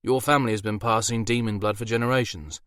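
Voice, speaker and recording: A man's voice: on the low side, steady tone, fast talker, a bit bright, no echo, studio quality, lightly acted. A man voicing a smug, charming incubus demon who teases his grown daughter. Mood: teasing. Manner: teasing, indulgent, sly.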